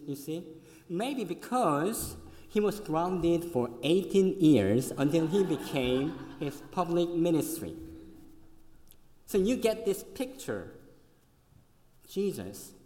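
Slow, animated preacher in an echoey hall. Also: male voice, a little high. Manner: conversational storytelling, asking the listeners questions. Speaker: pastor. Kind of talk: sermon. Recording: echoey hall with long reverb.

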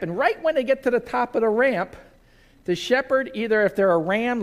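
A male pastor preaching a sermon to a congregation in a church, telling stories and acting out scenes. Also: high voice. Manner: storytelling, animated, acts out scenes.

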